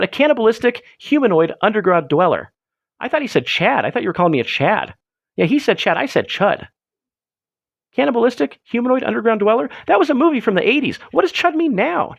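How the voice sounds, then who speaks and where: A man's voice: sing-song, fast talker, creaky, no echo, highs cut off. A young man hosting a late-night solo livestream, rambling and joking with his chat in a self-mocking way. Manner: rambling, self-mocking, jokey, swings his pitch up and down a lot. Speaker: livestream host.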